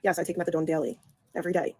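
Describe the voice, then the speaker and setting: Woman, rapid speech, defensive casual stream talk, insistent tone. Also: on the low side, level tone, mellow, husky, no room sound. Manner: defensive, insistent, talks fast. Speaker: mother on a livestream. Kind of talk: casual livestream chat.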